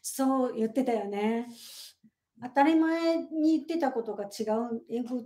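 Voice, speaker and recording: A Japanese woman with a mellow, slightly high voice. She chats casually, murmuring along as she listens. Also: lively intonation, fast. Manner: frequent soft listening murmurs and laughs. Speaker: co-host. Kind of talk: casual chat.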